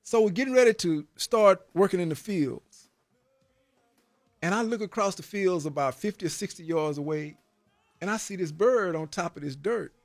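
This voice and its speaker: Earnest, high-voiced man giving testimony. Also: moderate pace, no room sound, faint music behind. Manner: earnest and emphatic, often ending phrases with "man"; repeats words when stirred, preacher-like cadence. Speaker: former prison inmate giving testimony. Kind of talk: personal faith testimony.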